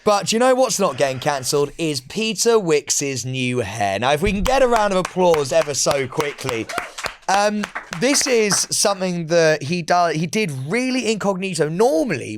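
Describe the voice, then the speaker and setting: A man's voice: on the high side, very animated, moderate pace, noisy background. A man co-hosting a podcast in casual chat, playful, teasing and sweary. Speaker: podcast co-host.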